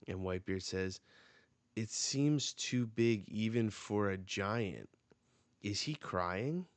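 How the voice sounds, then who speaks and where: A man's voice: on the low side, fairly even intonation, a little slow, clear, resonant tone, dry recording. A man hosting a live reaction, reading comic dialogue aloud and reacting as he goes. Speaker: manga reaction host.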